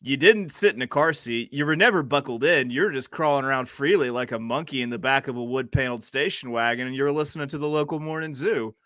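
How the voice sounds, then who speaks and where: A man's voice: mid-range voice, quick pace, hardly any pauses, bright, forceful tone, no room sound, clean studio sound. A man co-hosting a casual podcast, teasing with playful, sarcastic banter. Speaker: podcast co-host. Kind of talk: casual chat.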